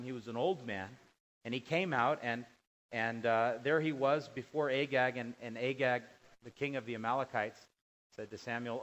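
A man's voice: medium pitch, fairly bright tone, poor audio. Man preaching with rising emphasis. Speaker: pastor. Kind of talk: sermon.

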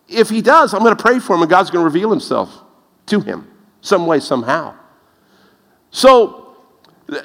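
A man preaching a lively sermon, telling stories and laughing at his own jokes. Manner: animated, laughs at his own jokes, rises in pitch when excited. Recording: long reverb of a large hall.

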